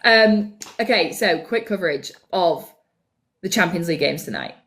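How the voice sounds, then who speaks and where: A woman co-hosting a football podcast, chatting casually and telling stories in a playful, animated way. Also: on the low side, normal speed. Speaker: podcast co-host. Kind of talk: casual chat.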